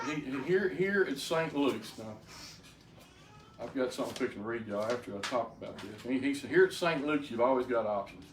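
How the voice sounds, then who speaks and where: Brief: older man, folksy testimony, stammering restarts, echoey room with faint noise behind. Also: medium pitch. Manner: plainspoken storyteller with frequent stammered restarts. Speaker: speaker giving a personal testimony. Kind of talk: folksy personal testimony to a group. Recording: roomy, distant mic, faint background noise.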